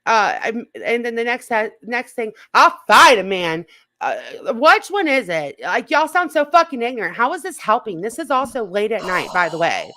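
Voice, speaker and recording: A woman's voice: on the high side, very animated, normal speed, few pauses, bright, forceful tone, dry recording. A New woman hosting a casual reaction chat, heated and profane, laughing often. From New York. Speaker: YouTube commentary host.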